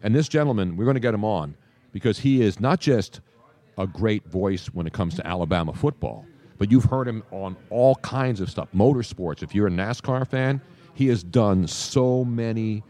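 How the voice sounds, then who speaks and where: A low-voiced older man hosts a sports radio show with polished, trained broadcast diction and a faint Philadelphia accent underneath. He tells stories in a lively, chatty way with quick asides. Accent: trained neutral broadcast, faint Philadelphia. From USA, South Philly. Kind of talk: casual radio show chat.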